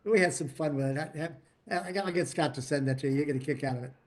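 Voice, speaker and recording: A man's voice: a little high, rapid-fire. Older man telling rambling stories. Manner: rambling, frequent restarts and repeated words. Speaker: guest. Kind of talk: casual storytelling.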